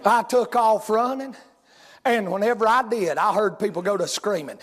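A man's voice: sits high, moderate pace, big-room sound. A man preaching a sermon, telling folksy stories that rise into hollering. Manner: folksy storytelling, rising to hollering.

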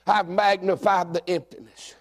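A middle-aged man, a pastor preaching a sermon who swings from shouted, climbing lines to low, confessional talk. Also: flat delivery, normal speed.

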